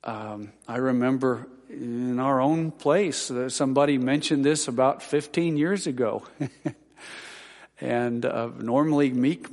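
A Baptist pastor with a mid-range, darkish voice gives rambling, homespun church announcements to his congregation, full of fillers and dry humorous asides. He's in a large church sanctuary, and the recording carries the long reverb of a church hall.

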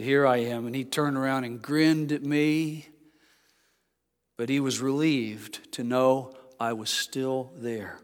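An older man preaching a sermon as a pastor, rising to loud emphatic peaks, then dropping into quiet, homely storytelling. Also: on the high side. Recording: long hall reverb.

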